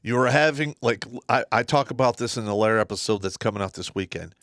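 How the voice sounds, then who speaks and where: A man's voice: lowish voice, fast, no echo, studio quality. A man co-hosting a casual live stream, telling stories bluntly and profanely. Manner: animated storyteller, blunt and profane.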